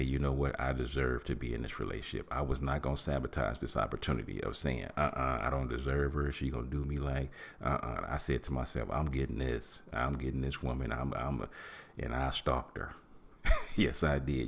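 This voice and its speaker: Podcast host: middle-aged man, very deep and gravelly, animated preachy delivery. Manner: preachy, animated, acts out quotes and hums. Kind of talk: casual motivational podcast talk.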